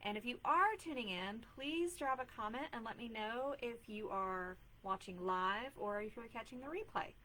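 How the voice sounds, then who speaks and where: A woman's voice: fairly high pitch, lively intonation, moderate pace, hardly any pauses, a bit bright, a little hiss or hum, low-quality recording. A woman in her thirties giving earnest, chatty advice on a live video stream, with lots of filler words. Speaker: mom life coach hosting a live video. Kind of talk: casual live-stream talk.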